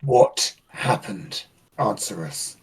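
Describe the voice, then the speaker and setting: Man plays a cold dark-side interrogator, much lower and slower than his own voice. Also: lively intonation, creaky, distant mic, full character voice. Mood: menacing. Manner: slow, cold demanding questions.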